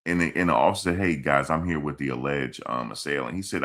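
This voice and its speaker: A man's voice: extremely low pitch, fast, fairly bright tone. A man hosting a casual live stream, reading chat comments and answering them in a blunt, repetitive, scolding way. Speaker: livestream host reading chat. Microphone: streaming mic.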